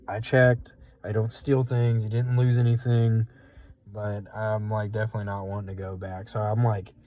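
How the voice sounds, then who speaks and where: A man's voice: mid-range voice, a little mellow, no room sound, low-quality recording. Rambling man telling a rideshare story. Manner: rambling, lots of fillers, quotes people. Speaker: rideshare driver. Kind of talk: casual storytelling vlog. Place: in a car at a gas station.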